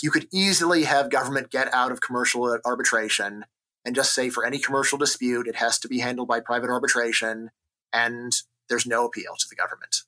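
In a conversational interview, a male economist guest from the United States explains his ideas with energy and an argumentative edge. His pitch is medium, and he frequently adds "right?" to check in.

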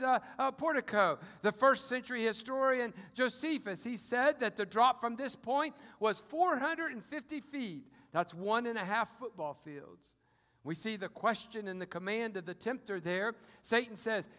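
A man preaching a sermon to a congregation, swinging from quiet asides to loud, booming quotations of scripture. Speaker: pastor. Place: auditorium. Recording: long hall reverb.

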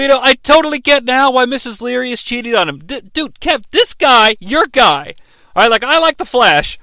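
A man's voice: sits high, sharp tone, dry recording. An American man co-hosting a podcast, recapping a TV episode in a profane, joking way and dropping into mocking voices. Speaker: podcast co-host. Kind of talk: casual comedic episode recap.

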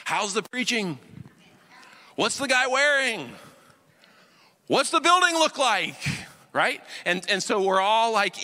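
A male pastor preaching a conversational sermon, often checking "you follow me?", swinging between loud emphasis and hushed intensity. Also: high-pitched. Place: church auditorium. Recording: long reverb of a large hall.

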